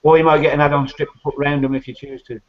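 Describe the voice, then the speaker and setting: A man's voice: fairly high pitch, level tone, very fast. Grumbling man on a call. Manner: blunt, grumbling. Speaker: hobbyist scale modeler on a video hangout. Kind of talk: casual chat. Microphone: video call. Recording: dull lo-fi video call audio.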